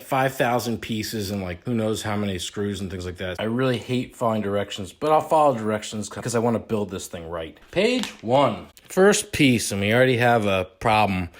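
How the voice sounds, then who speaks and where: A young man hosting a do-it-yourself video, with a mock-serious, deadpan humor as he assembles a kit. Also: on the low side, brisk, few pauses, echoey room. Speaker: realtor hosting a home renovation video. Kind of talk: joking do-it-yourself walkthrough.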